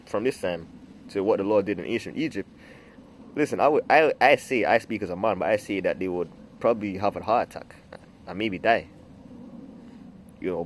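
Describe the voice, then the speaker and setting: A man's voice: lowish voice, a little hiss or hum. A man preaching from scripture in a loose, rambling way, full of fillers, restarts and the word "man". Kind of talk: informal scripture teaching.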